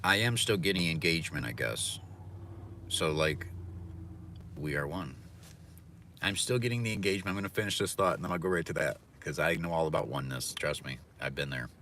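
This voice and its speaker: A man's voice: a bass voice, brisk, pushed and bright, a little hiss or hum. A man ranting profanely and philosophizing from his car during a casual livestream. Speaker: livestreaming delivery driver.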